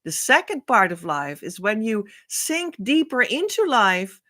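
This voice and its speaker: A woman giving a heartfelt spiritual talk, earnest and rambling, often breaking into soft laughter. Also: fairly high pitch, very animated, unhurried. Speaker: spiritual teacher.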